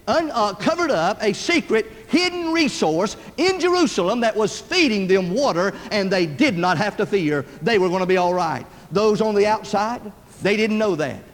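High-voiced preacher in an echoing hall. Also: male voice. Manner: storytelling preacher, acts out voices in anecdotes. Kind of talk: sermon.

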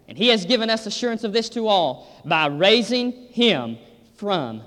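A man's voice: high voice, sing-song, moderate pace, a bit bright. A man preaching a sermon with emphatic, repetitive exhortations. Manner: emphatic, repeats "I'm telling you". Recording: reverberant hall.

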